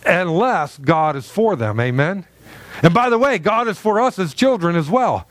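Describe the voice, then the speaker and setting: High-voiced emphatic male preacher. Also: lively intonation, moderate pace, dry recording. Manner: emphatic, frequent fillers and restarts, calls to the congregation. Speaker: pastor. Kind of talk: sermon.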